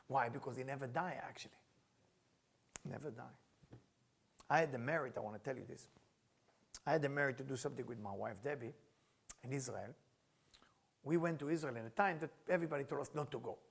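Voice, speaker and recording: A middle-aged man teaching a spiritual class in non-native English phrasing, animated and acting out the people he quotes. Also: medium pitch, gravelly, husky. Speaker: Kabbalah teacher.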